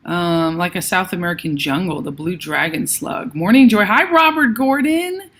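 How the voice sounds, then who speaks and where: A woman's voice: lowish voice, normal speed. A woman hosting a casual livestream while she paints, thinking aloud and greeting viewers by name. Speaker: livestream host.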